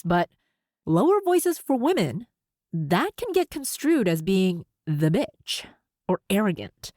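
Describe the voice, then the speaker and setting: A woman with a slight lisp hosts her own podcast, her pitch swinging freely and often rising at the ends of sentences. The sound is dry and close, with no room around it. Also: a little mellow, no echo. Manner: upspeak at sentence ends, frequent laughs. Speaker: podcast host. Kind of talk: solo podcast talk.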